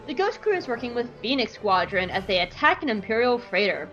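Woman podcast host, casual recap, playful, giggly, animated, slightly muffled. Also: fairly high pitch, brisk, soft background music.

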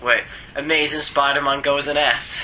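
A man's voice: a little high, fairly even intonation, moderate pace, bright, forceful tone, slight background noise, poor audio. A man co-hosting a comics podcast in casual banter, arguing over literal details. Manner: argumentative, literal-minded. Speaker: podcast co-host.

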